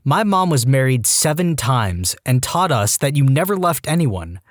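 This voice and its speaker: An expressive man reading stories aloud. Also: normal speed, no echo, clean studio sound. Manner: expressive, with wide swings of pitch. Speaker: podcast narrator. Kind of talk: reading internet posts aloud.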